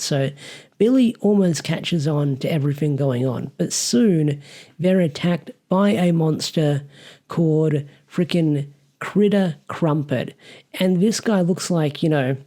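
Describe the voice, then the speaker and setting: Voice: mid-range voice, a little slow, dark tone. A reviewer with an Australian accent, talking through a story in a casual, rambling way with many fillers. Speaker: comic reviewer.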